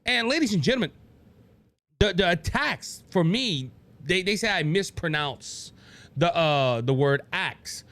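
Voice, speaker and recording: A Cajun-accented man hosts a solo political talk show. His voice sits fairly high and swings widely in pitch. He rambles, restarts his sentences and keeps calling out to his listeners. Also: unhurried. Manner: animated and rambling, frequent restarts, addresses listeners as ladies and gentlemen. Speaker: podcast host.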